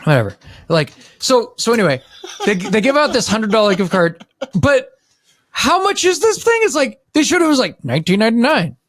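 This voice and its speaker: A man hosting a podcast, telling a story in an animated, profane way and laughing often. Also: sits high, normal speed, no echo. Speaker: podcast host. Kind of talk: casual podcast chat.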